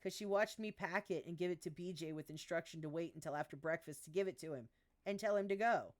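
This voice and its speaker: A woman's voice: fairly low pitch, fast, natural voice. Woman voicing a tough, sweary woman fighter. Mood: calm menace. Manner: calm menace that turns to sharp, sweary barking. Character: tough, profane young woman fighter, fiercely protective.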